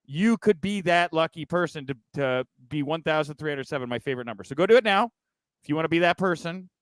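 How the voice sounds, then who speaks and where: Male podcast host, joking and sarcastic in casual news chat, with a smooth, high voice on a dry recording. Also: animated, fast talker, dry recording.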